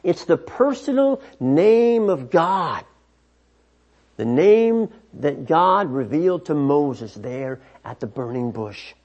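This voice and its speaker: A man with a fairly high, slightly husky voice teaches scripture at an unhurried pace. He explains in a measured, emphatic way and often restarts his phrases. The recording sounds dull and lo-fi. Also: very animated, darkish tone. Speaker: Bible teacher.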